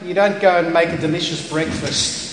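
A man preaching a sermon, impassioned, swinging between loud and hushed lines. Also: on the high side, fairly even intonation, moderate pace. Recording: echoey hall with noise.

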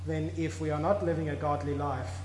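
A man preaching a sermon as pastor, animated, acting out little scenes and swinging between quiet and loud. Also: fairly high pitch, fairly quick, long reverb tail, slight background noise. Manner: animated, acts out little scenes with shifting volume.

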